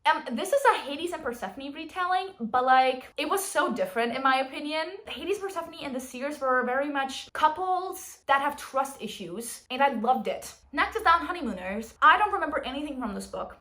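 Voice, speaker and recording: A woman's voice: high-pitched, pushed and bright. A young woman ranking books in a casual vlog, blunt and dramatic in her opinions. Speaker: book vlogger.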